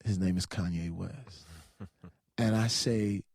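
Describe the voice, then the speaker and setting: A man telling an animated anecdote, laughing often and acting out other people's voices as he goes. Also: fairly low pitch, fast talker, breathy edge. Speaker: entertainer telling a story. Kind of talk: animated anecdote with acted-out quotes.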